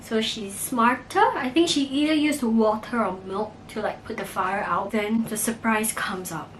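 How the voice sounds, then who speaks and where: A woman vlogger casually recapping a movie, animated and acting out the characters' lines as she tells it. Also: a little high, normal speed, distant mic, slight background noise, rough recording. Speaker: mukbang vlogger.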